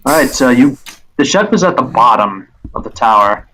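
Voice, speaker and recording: A man's voice: medium pitch, fairly bright tone, a little hiss or hum, poor audio. Rambling male game master. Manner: rambling, restarts descriptions. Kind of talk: narrating a tabletop game.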